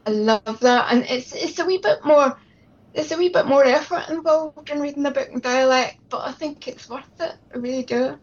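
Woman, from Britain, host, casual chat, friendly, chatty, fairly high voice, dull lo-fi audio. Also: moderate pace. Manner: friendly, chatty, laughs easily.

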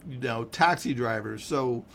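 A man from San Francisco with a Californian accent, chatting casually in an animated, rambling way and laughing often. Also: medium pitch, measured pace, gravelly, slight background noise. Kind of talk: casual chat.

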